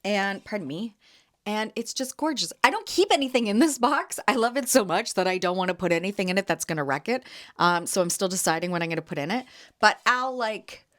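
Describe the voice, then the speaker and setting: A woman in her thirties from Canada, hosting a podcast and telling a chatty story with quick laughs. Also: mid-range voice, lively intonation, fairly bright tone. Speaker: podcast host and jam vendor. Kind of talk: casual storytelling.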